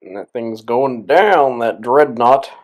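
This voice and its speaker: A man in casual movie-commentary mode, a little tipsy and loose. He rambles, restarts his sentences and keeps breaking into laughter. His voice sits at a middle pitch. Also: slow pace, poor audio. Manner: rambling, trailing off, laughing often. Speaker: co-host of a movie watch-along.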